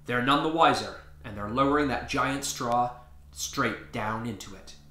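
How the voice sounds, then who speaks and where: A man voicing an excited teenage boy hero reporting success. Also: medium pitch, unhurried, roomy sound.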